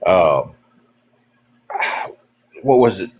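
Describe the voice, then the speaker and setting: A man with a low, sing-song voice draws out his words, sounding darkish and husky on a low-quality recording. He's hosting a livestream, telling rambling, folksy stories to his chat, full of fillers and restarts.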